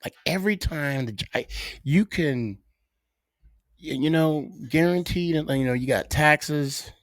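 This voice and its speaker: A middle-aged man hosting a casual solo podcast, telling stories with dramatic pauses. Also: on the high side, dry recording, studio quality. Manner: animated storyteller with dramatic pauses. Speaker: podcast host.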